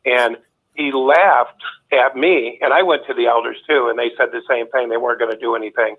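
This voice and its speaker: A man's voice: medium pitch, fairly even intonation, a little fast. A man calling in to a talk show, telling rambling stories with restarts. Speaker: caller. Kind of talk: casual chat. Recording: tinny phone line.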